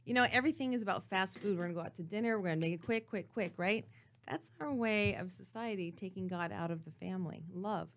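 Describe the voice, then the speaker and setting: A woman's voice: medium pitch, quick pace. A woman talk-show guest speaking emphatically and preaching, repeating her key phrases. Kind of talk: casual talk-show chat.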